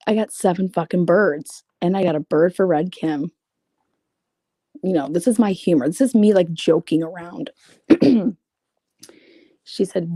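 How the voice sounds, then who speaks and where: A woman's voice: fairly low pitch, creaky, dark tone, husky, no room sound, clean studio sound. A woman reading out private messages and commenting on them in a blunt, profane, sarcastic way. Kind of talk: casual commentary reading screenshots.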